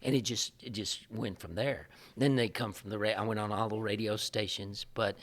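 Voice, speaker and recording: A man, a missionary guest telling lively stories in an interview and acting out the dialogue, often laughing. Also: on the low side, moderate pace. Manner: animated, laughing storyteller who acts out quoted dialogue. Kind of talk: storytelling in a podcast interview.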